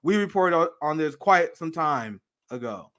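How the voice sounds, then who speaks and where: A man with a high voice co-hosts a political talk show. He talks bluntly and swears freely, laughs at his own points and stammers through quick restarts. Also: lively intonation, fairly bright tone. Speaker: political podcast co-host.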